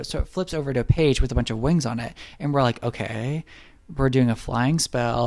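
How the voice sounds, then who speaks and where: Young man, snarky recap, swears a lot, mid pitch, dry close mic. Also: darkish tone, dry recording. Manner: snarky, swearing, acts out characters in quick asides. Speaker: movie recap YouTuber. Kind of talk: comedic movie recap.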